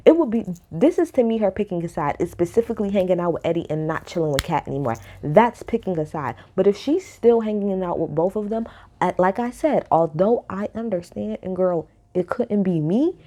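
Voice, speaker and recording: A woman's voice: medium pitch, warm tone. A woman recapping a reality TV episode in a casual, opinionated way, blunt and swearing freely.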